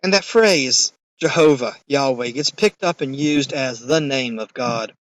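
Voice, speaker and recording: A man's voice: medium pitch, a little slow, no echo, rough recording. A man giving a recorded course lecture in a conversational, emphatic way, with occasional fillers.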